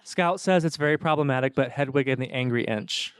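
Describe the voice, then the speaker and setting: A man's voice: medium pitch, a little fast, clean tone, no room sound. A man co-hosting a live podcast panel at a convention, reading audience comments in a playful, mock-formal way.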